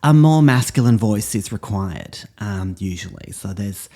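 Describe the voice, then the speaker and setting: A man's voice: fairly low pitch, lively intonation, measured pace, warm tone. Pompous theatrical Australian man. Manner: theatrical, pompous, affected projection. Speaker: drama teacher. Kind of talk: scripted comedy monologue.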